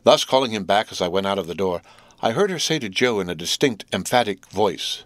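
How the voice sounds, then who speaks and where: A male audiobook narrator reading in a steady, measured way. His voice sits low. The recording is dry and close, with no room echo. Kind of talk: scripted narration.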